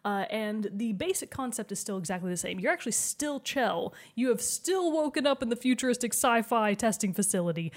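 A woman's voice: a little high, animated, fairly quick, few pauses. A woman hosting a podcast in casual chat, enthusiastic and chatty, laughing often.

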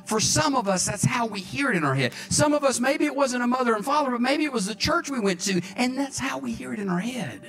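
A man preaching a sermon as pastor, earnest and drawn out, with long pauses and sudden leaps up in pitch. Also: animated, vocal fry. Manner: earnest preaching, slow pauses, dramatic swings into high pitch. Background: soft instrumental music.

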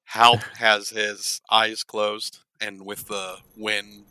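A man's voice: fairly low pitch, flat delivery, drawn-out words, bright, forceful tone, clear, resonant tone, dry recording. A man playing a tabletop game, describing his character hesitantly with fillers. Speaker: player. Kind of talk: casual tabletop play.

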